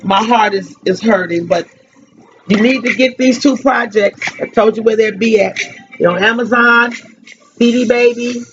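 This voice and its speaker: Grieving slow-spoken woman on radio. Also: fairly high pitch, over music. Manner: grieving, halting, repeats phrases. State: tearful. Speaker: radio host giving a tribute. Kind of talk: emotional spoken tribute. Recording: dull lo-fi radio recording.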